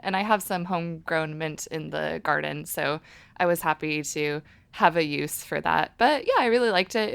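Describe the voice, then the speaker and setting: A woman co-hosts a podcast, with a voice pitched a little low for a woman, recorded dry and close. She chats casually and laughs easily while telling a story. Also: creaky, a bit bright, clear, resonant tone, dry recording. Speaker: podcast co-host. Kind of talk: casual chat.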